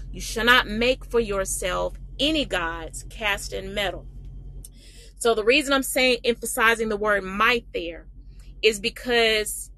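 Woman, Bible teacher, livestream lesson, bright voice, slow scripture reading, emphatic explanations. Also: mid-range voice, a little hiss or hum, poor audio. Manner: reads scripture slowly, then explains emphatically with repetition.

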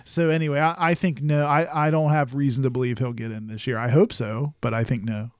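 A man's voice: mid-range voice, fairly even intonation, a little fast, clear, resonant tone, no room sound, clean studio sound. A man co-hosting a casual sports podcast, talking in a rambling way with many fillers. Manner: rambling, full of fillers and restarts. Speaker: podcast co-host.

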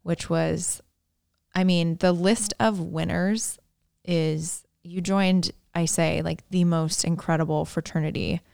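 Chatty woman with a gravelly low voice. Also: slow, no echo, studio quality. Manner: chatty, animated storytelling. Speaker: podcast co-host. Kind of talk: casual chat.

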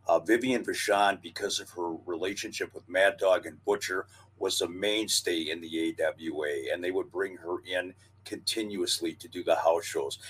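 A man co-hosting a casual podcast chat, recalling old times in a measured, knowledgeable way. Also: fairly low pitch, husky. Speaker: co-host and former wrestling announcer.

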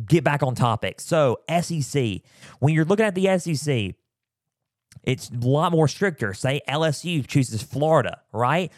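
Male sports podcast host, mid-pitch, dry close sound, rambly delivery full of fillers, scratchy throat. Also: lively intonation, normal speed, dry recording. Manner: rambling, repeats himself with many fillers. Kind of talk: casual sports talk. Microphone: close mic, sometimes turning away.

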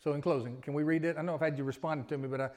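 A man's voice: on the high side, steady tone, racing, darkish tone. A middle-aged man preaching a sermon in a folksy, conversational way, drawing responses from the congregation. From Alabama, US. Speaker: pastor.

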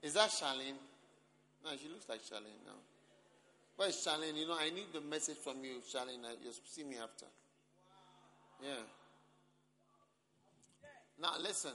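A man with a Ghanaian accent, a bishop preaching to a camp gathering, teasing and joking with the congregation and breaking into shouts. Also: on the high side, moderate pace, long pauses. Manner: teasing, animated, bursts into shouts and laughter. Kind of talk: lively sermon with banter. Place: large church camp gathering. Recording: live crowd and noise behind.

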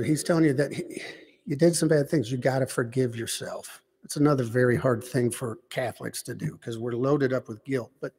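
A man giving a rambling personal faith testimony, halting with many restarts and asides. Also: mid-range voice, a little mellow, husky, big-room sound. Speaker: lay speaker giving personal witness.

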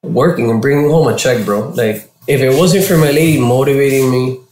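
A man from Florida, a guest in an interview, telling his story casually with heavy slang and swearing, and getting animated when he quotes people. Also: mid-range voice, fairly quick, a little hiss or hum. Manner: profane and slangy, animated when quoting others. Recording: roomy echo.

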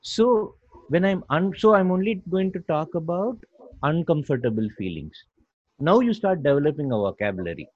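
A man appearing as a guest speaker teaches about awareness, explaining step by step, repeating points, and acting out quotes in little stories. His voice is fairly high and very animated at normal speed, dry in tone, though the lo-fi recording sounds dull and carries faint music.

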